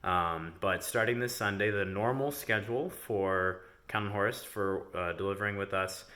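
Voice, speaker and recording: A man's voice: lowish voice, a little slow, pushed and bright. A man who owns a delivery company gives a casual video update to his employees from indoors, rambling with many ums and uhs. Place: indoors in a house.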